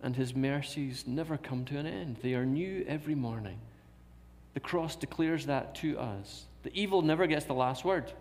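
A man's voice: mid-range voice, normal speed, darkish tone. A man preaching a sermon in a church, repeating key phrases and asking rhetorical questions. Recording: long reverb of a large hall.

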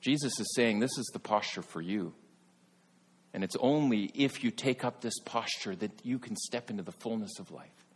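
A man delivers a sermon with a slightly husky, breathy tone. He swings from emphatic, forceful stretches to quiet, soft passages. His voice carries a long reverb, as if filling a church sanctuary. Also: lowish voice, moderate pace. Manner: earnest, rises to emphatic peaks then drops soft. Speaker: pastor.

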